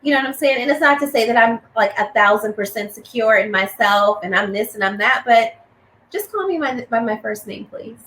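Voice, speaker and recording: A woman hosting a podcast in casual chat, animated, laughing often and acting out greetings. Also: a little high, a little fast. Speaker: host. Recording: roomy echo, faint noise.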